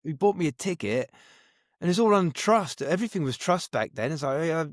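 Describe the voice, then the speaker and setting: A man's voice: a little high, lively intonation, brisk, no echo. Dry-voiced man reminiscing. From England. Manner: reflective, restarts phrases often. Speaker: guest DJ. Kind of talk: casual interview storytelling.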